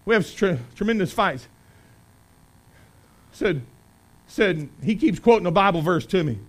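A man preaching a sermon to his church, folksy and conversational, swinging between loud emphasis and quiet asides. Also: sits high, expressive, a little slow, poor audio. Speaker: pastor. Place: church sanctuary.

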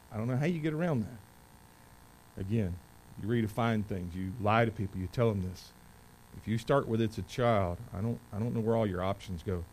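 A man in his forties preaching a sermon in a church, reading scripture loudly and with force, then telling stories in a quieter voice. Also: fairly low pitch, slight background noise, low-quality recording. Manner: rises to loud emphatic preaching when reading scripture, drops to quiet storytelling. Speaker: pastor. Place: church service.

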